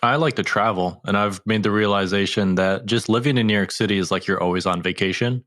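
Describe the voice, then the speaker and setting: A man from the United States, a guest on a podcast, talking in a relaxed, laid-back way. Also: fairly low pitch, brisk, dry recording, studio quality. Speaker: guest, YouTuber and hiker. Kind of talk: casual podcast interview.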